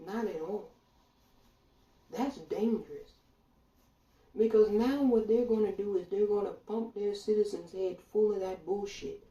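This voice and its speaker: A woman's voice: medium pitch, unhurried, pauses often, mellow, far from the mic, dull audio. A woman delivering a blunt, profane political rant, speaking straight to her listeners with indignation. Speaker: political commentator. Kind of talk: ranting monologue. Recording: echoey room, voice off-mic.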